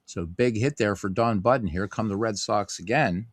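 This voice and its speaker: Low-pitched man, casual play-by-play host, chatty, dry close sound. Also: normal speed, no room sound. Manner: chatty, many fillers, reads and answers viewer comments. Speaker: host playing a tabletop baseball game on stream. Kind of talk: casual play-by-play and chat with viewers.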